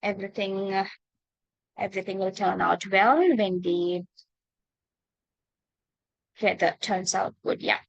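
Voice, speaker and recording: A woman with a Sri Lankan accent teaching English in an online class. She is patient, calls students darling and dear, and pauses often with "uh". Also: mid-range voice, vocal fry, no echo, lo-fi sound. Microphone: video call.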